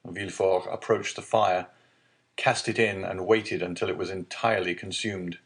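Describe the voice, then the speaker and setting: A man narrating a classic novel as a calm bedtime audiobook, reading slowly and evenly. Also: sits low. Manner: slow, even, soothing reading. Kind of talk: calm scripted narration for sleep.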